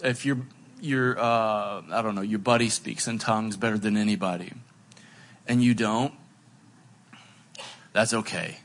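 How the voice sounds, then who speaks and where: A man's voice: medium pitch, a bit bright. A middle-aged man preaching a sermon in a conversational, self-deprecating way, with asides to the congregation. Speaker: pastor.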